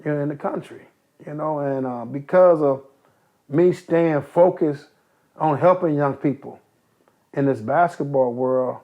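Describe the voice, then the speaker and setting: An older man from Compton, California, telling stories as an interview guest, animated and swearing freely. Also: fairly high pitch, a little slow. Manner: animated, acts out quoted voices, swears freely. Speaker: interview guest, youth basketball coach. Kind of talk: casual storytelling. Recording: dull lo-fi recording.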